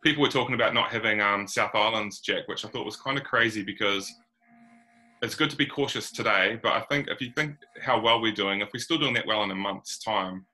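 A man's voice: lowish voice, a little fast, bright, forceful tone, low-quality recording. A New Zealand man hosting a casual basketball chat, rambling and laid-back with plenty of slang. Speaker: podcast host.

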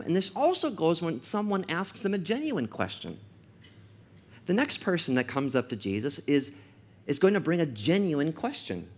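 Emphatic male pastor preaching. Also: sits high. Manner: emphatic, with slowed-down stressed phrases and repetition for effect; storytelling asides in a quick conversational tone. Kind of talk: sermon.

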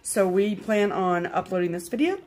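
An enthusiastic woman co-host gushes over stitched pieces in casual chat with her viewers. Her voice sits at a middling pitch, and she talks with warm excitement. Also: moderate pace. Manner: gushing, enthusiastic. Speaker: co-host of a cross-stitch show.

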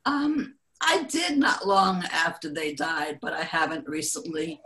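Older woman telling gentle, reflective stories. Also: sits low, measured pace. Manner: gentle, reflective storytelling with soft laughs. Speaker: guest speaker. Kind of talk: recorded interview answers.

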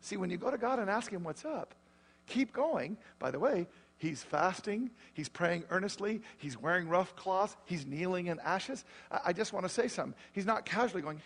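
A man with a high, slightly breathy voice preaches at a normal speed in church. Animated and conversational, he unpacks scripture for the congregation and keeps asking them questions.

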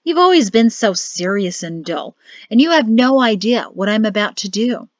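A woman playing an arrogant young army lieutenant, mocking and loud-ish, storybook voice, dry muffled sound. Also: on the high side, expressive, normal speed, dry recording, lightly acted. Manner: mocking, scoffing, dismissive taunts. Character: cocky sneering young male lieutenant. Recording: dull lo-fi dry audio.

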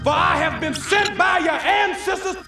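An actor voicing a small, boastful male guardian dragon who talks loud and brash in an animated film. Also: very high voice, moderate pace. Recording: echoey film mix with loud music.

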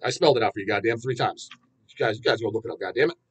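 A man hosting a metal channel, ranting bluntly and with heavy swearing in casual talk to viewers, with frequent restarts and drawn-out fillers. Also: fairly low pitch, slightly rough. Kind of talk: casual rant answering viewer questions.

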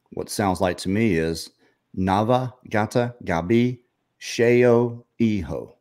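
A man with a very deep voice hosts a relaxed interview. He tells stories at an easy pace, with drawn-out asides. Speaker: show host. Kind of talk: casual interview chat.

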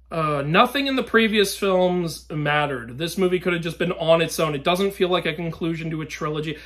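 A young man giving a ranting movie review, exasperated and swearing, swinging between loud outbursts and weary sighs. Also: on the high side.

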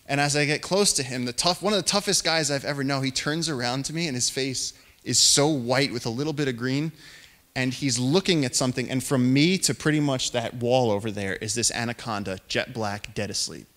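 A young adult man giving a live storytelling talk to an audience, animated and acting out the voices of the people in his story. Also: medium pitch, brisk. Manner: animated storyteller, acts out quoted voices, rising excitement. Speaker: featured speaker.

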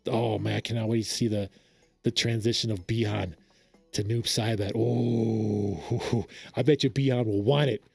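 A man's voice: on the low side, measured pace, vocal fry, breathy edge, no room sound, soft background music. A man hosting a reaction video, gushing and rambling as he comments on a game trailer. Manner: excitable, gushing, loud exclamations and laughter; rambling fan commentary with restarts. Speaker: reaction channel host.

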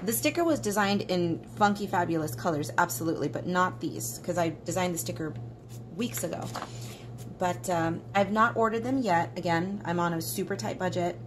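A woman's voice: fairly low pitch, moderate pace, noisy background. A woman artist vlogging while she colors, chatting casually and joking at her own expense. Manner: chatty, self-mocking, dramatic outbursts.

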